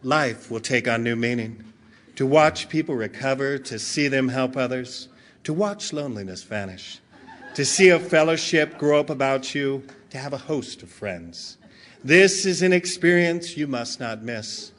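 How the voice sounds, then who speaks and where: A man voicing a smooth, deep male late-night TV announcer, crooning a slow sales pitch. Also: expressive, a bit bright.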